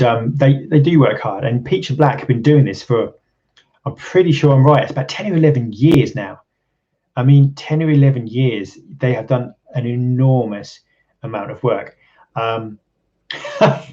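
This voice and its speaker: A man's voice: medium pitch, a little mellow, lo-fi sound. A man from England hosting a casual live stream, rambling with lots of ums and restarts and chuckling often. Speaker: channel host. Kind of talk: casual live-stream chat reading viewer comments.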